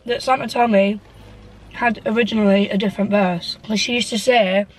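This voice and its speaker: A woman's voice: medium pitch, steady tone, normal speed, recorded from a distance, low-quality recording. A young woman chatting casually while eating, reading out viewer questions. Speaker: YouTuber. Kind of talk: casual mukbang chat.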